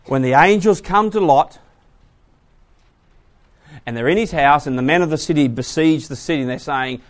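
A man preaching to a class, asking the audience questions and moving between hushed asides and loud emphasis. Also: a little high, moderate pace, pauses often. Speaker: preacher teaching a Bible class. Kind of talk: sermon.

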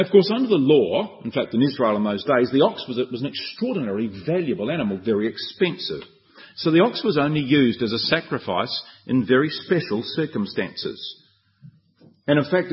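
A man preaching a Bible exposition sermon, asking rhetorical questions and acting out the quoted speech. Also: mid-range voice. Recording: dull lo-fi recording.

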